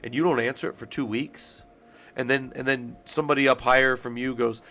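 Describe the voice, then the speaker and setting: Talking quickly with a medium pitch and a somewhat bright tone, this man streams casually while congested from illness. He rambles and curses to his chat as he goes through job requirements.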